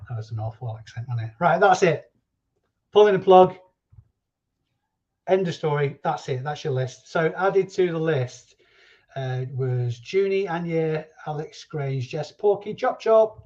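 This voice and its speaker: Jokey stream host reading chat names, mellow voice, slightly muffled home recording. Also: male voice, mid-range voice. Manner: chatty and jokey, reading viewer names aloud. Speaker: reseller livestream host. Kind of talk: casual live-stream chat.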